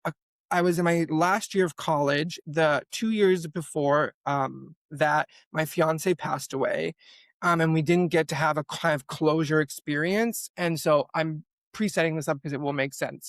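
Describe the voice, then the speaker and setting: Young man telling a story, gravelly. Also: on the high side, no room sound. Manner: animated, many "like" fillers. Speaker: podcast guest. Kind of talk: storytelling in an interview.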